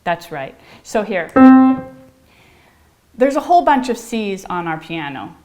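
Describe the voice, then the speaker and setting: A woman's voice: medium pitch, sing-song, measured pace. A middle-aged woman giving a playful piano lesson, bubbly and theatrical, chanting rhymes in a sing-song way and dropping into whispers. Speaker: piano teacher.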